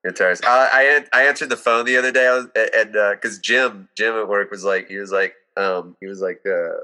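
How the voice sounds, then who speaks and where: A man's voice: on the low side, fairly quick, hardly any pauses. A young American man, a guest actor, chatting casually and acting out voices in his stories. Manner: animated storyteller, acts out voices. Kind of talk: casual chat.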